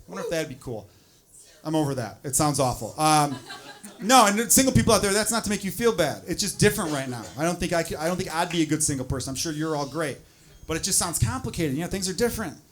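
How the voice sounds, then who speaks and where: A stand-up comedian on a club stage, his voice sitting high for a man. He talks animatedly and keeps building into exasperated rants. The live recording carries clear background noise. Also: fast talker. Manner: animated, swings into loud exasperated bits.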